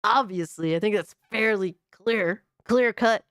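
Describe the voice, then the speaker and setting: A woman's voice: mid-range voice, unhurried, a bit bright, clean tone, no room sound, studio quality. Mocking profane woman streamer. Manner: mocking, profane, laughs at the clip. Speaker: streamer host reacting to a video. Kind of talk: casual reaction commentary.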